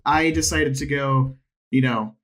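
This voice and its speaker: A man who is a guest on a casual podcast, talking in a hesitant, halting way. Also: medium pitch, fairly bright tone. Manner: hesitant, halting, many fillers.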